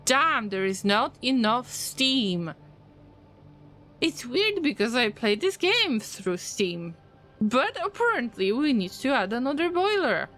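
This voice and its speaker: A woman with a fairly high voice streams a game and chats with her viewers, joking and teasing as she goes. Her pitch swings widely and she speaks slowly, drawing out her words. Faint music runs underneath. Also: sing-song, a bit bright. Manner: playful, teasing, answers chat messages with jokes. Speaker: gaming streamer. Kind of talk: casual live-stream chat while playing.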